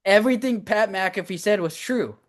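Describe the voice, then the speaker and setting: A man co-hosting a podcast, teasing and stubbornly holding his ground, often trailing off into a low, quieter mutter. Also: moderate pace. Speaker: podcast co-host. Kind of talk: casual podcast banter.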